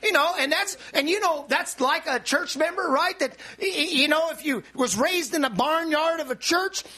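A man preaching a sermon in an animated, storytelling way, repeating words and bursting into shouts for emphasis. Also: very high-pitched, normal speed.

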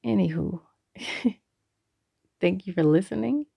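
A woman's voice: mid-range voice, animated, takes it slowly, gravelly, warm tone, slightly rough, no room sound, studio quality. A woman hosting her own podcast, telling a personal story in a laid-back, rambling, conversational way. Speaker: podcast host.

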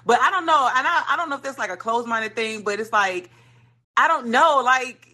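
A woman co-hosting a casual podcast, telling stories loudly with heavy profanity and frequent laughter. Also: a little high, fairly quick. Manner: loud, profane, animated storytelling with laughter. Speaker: podcast co-host. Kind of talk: casual storytelling chat.

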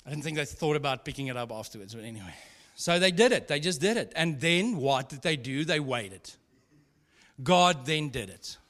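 In a voice a little high, expressive and fairly bright, a pastor preaches at a moderate pace. His style is conversational storytelling with humor, laughs, and frequent side remarks, and the room adds a long hall reverb.

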